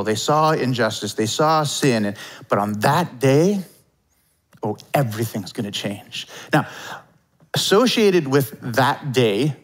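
A man's voice: mid-range voice, rough recording. Man preaching in a conversational way. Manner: conversational, animated preaching with dramatic quoted voices. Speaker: pastor. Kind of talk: sermon.

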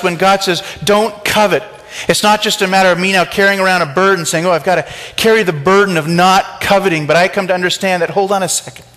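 A man's voice: fairly high pitch, a bit bright. A man preaching a sermon in a conversational way, asking rhetorical questions and acting out the voices he quotes. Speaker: pastor.

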